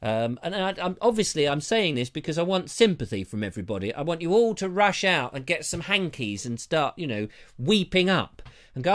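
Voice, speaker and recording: A man's voice: a little high, lively intonation, normal speed, fairly bright tone. A man from hosting a live show, rambling in a chatty, self-mocking way with a slightly dry throat. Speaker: show host. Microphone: lapel mic.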